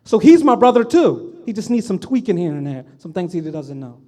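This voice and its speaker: A man giving an impassioned religious talk at an event, telling a story and voicing quotes with sudden loud emphasis. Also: sits high, big pitch swings, a little fast. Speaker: speaker. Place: event hall.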